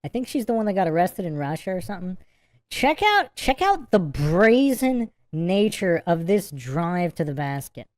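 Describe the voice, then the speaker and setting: A woman's voice: fairly low pitch, sing-song, moderate pace, darkish tone, dry recording. Giggly woman rambling over a clip. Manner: giggly, keeps breaking into laughter; rambling, repeats itself. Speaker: livestream host. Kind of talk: casual reaction commentary.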